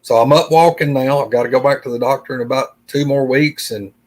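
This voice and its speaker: A middle-aged man with a drawl tells a personal story as a podcast guest. His voice sits in an ordinary middle pitch, and he speaks earnestly and plainly, walking through each conversation beat by beat. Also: brisk, rough recording. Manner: earnest, plain-spoken, retells dialogue with "I said".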